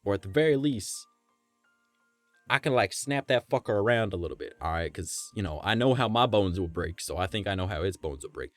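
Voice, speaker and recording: A man streaming live, telling a story in a loose, profane, animated way and keeping the listener with him through repeated "right?" asides. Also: lowish voice, brisk, no echo, soft background music.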